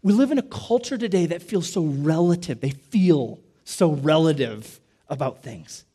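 A man preaching a sermon in an emphatic, repetitive way, slowing to stress key phrases and dropping his voice low. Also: expressive, warm tone, breathy edge. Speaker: pastor.

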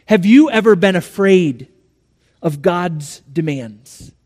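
A male pastor delivering a sermon in a church, telling a story with dramatic swings between soft and loud. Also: high-pitched, big-room sound.

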